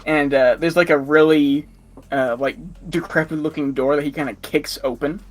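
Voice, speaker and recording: A man's voice: on the high side, steady tone, normal speed. A man narrating a tabletop game as game master, rambling with many fillers and frequent laughs.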